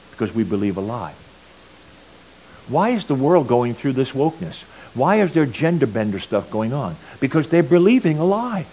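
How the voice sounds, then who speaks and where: A middle-aged man giving a personal testimony at church, telling stories earnestly and swinging between loud and quiet. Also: mid-range voice, slight background noise, rough recording. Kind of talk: sermon testimony.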